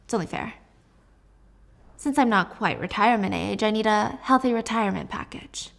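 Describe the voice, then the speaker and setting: A smug, corrupt middle-aged police chief, as a woman puts him on, talking softly and low while he blackmails. His voice stays hushed and calm. Drama recap. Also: normal speed, gravelly.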